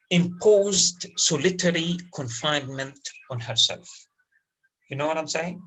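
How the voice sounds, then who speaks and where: Man lecturing, breathy and bright. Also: a little high, measured pace, rough recording. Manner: repeats key words, checks understanding with the class. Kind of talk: university literature lecture.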